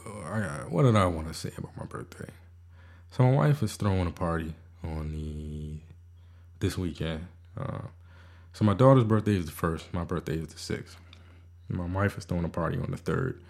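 A man's voice: deep voice, creaky, a little mellow. A man hosting a podcast, rambling casually with stammering restarts, cynical and self-deprecating, swearing now and then. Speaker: podcast host.

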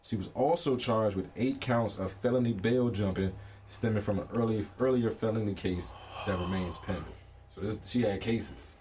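A man's voice: lowish voice, moderate pace, darkish tone, a little hiss or hum. A married man in casual banter, wry and profane, sometimes reading news items aloud.

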